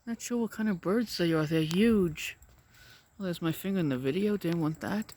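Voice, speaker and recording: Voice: mid-range voice, moderate pace, darkish tone. A vlogger outdoors filming with a phone, narrating casually and cooing to pets and birds. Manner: coos and chats to pets and birds. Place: outdoors in a yard. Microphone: phone camera.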